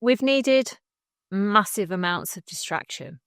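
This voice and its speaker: A middle-aged woman, co-hosting a casual chat, animated and quick to laugh. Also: mid-range voice, clear, resonant tone, dry recording, studio quality. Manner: chatty, laughs often, animated storytelling. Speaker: podcast co-host.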